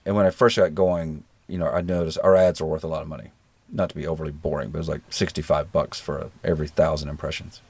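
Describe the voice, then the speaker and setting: A middle-aged man with a generic American accent, a guest in a relaxed interview, telling stories in an easygoing, self-deprecating way. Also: extremely low pitch, fast, creaky, breathy edge. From rural Georgia, American South. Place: living in New Zealand.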